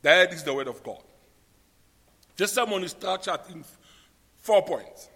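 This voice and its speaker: A man's voice: high voice, lively intonation, unhurried, sharp tone, breathy edge, long reverb tail. A man with a South African accent preaching a sermon, spelling out his points and repeating them for note-takers. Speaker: pastor.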